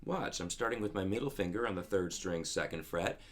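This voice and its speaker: A man giving a guitar lesson in a calm, methodical way, counting beats and scatting rhythms aloud as he explains the parts. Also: sits low, brisk. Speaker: guitar teacher. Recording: music playing loud under the voice.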